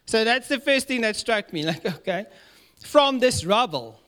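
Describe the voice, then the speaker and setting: A man with a South African accent preaching a lively sermon in church, laughing often and acting out the voices of people in the story. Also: high voice, a little slow. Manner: lively, laughing, mixes in Afrikaans words, acts out dialogue. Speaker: pastor.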